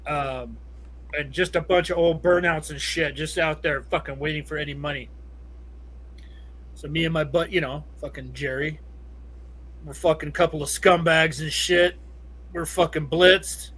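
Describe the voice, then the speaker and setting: A man's voice: a little high, fairly even intonation, unhurried, long pauses, fairly bright tone. A middle-aged man from Southern California telling a rambling, profane story as a podcast guest, laughing often. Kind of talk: casual storytelling.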